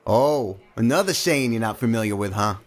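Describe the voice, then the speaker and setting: A man voicing a gruff, chatty diner cook who pries for gossip, in an audiobook. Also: medium pitch, lively intonation, moderate pace, voice pushed down, natural voice. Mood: nosy chatty. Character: gruff, nosy male diner cook, middle-aged.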